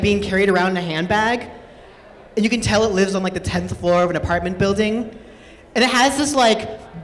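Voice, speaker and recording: A woman's voice: mid-range voice, slight background noise. A woman performing a stand-up comedy set on an event stage, chatty and playful, often laughing through her lines. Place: event stage in a large hall. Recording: long stage hall reverb.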